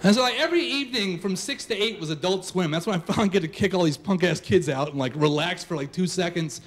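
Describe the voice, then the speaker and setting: A young man telling a personal story on stage before a live audience, casual and animated, full of "like" fillers. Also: sits high, fast talker.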